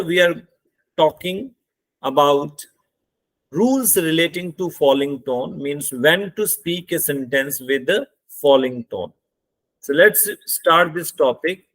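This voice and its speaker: A man with an Indian English accent, giving a deliberate spoken lecture as an English teacher and listing terms one by one. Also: medium pitch, fairly bright tone.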